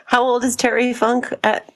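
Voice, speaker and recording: A woman co-hosting a podcast, chatting casually and answering with short, quick reactions. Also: on the high side, little pitch movement. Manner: short reactive replies, laughing. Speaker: podcast co-host.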